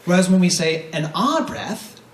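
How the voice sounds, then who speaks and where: A man leads a brass masterclass, explaining breathing step by step and answering his own rhetorical questions. His voice sits a bit high for a man. It is picked up from a distance in a reverberant room with faint background noise. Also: animated, moderate pace. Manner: explanatory, poses rhetorical questions and demonstrates vowel sounds. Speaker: brass teacher giving a masterclass. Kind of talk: masterclass lecture. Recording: roomy echo from a distant mic, faint noise.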